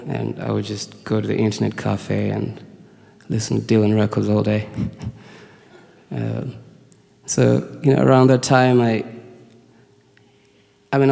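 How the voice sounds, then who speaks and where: Speaking to a concert audience between songs, a Kenyan singer-songwriter shares a story with a mellow, lowish voice touched by vocal fry. He sounds nervous and halting, full of fillers and little laughs, and the venue's long reverb trails behind him.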